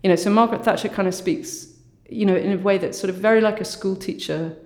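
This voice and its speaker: A woman artist with a low voice, speaking thoughtfully as an interview guest and often saying "you know" and "sort of". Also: fast talker, darkish tone. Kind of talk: reflective conversational interview. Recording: roomy echo.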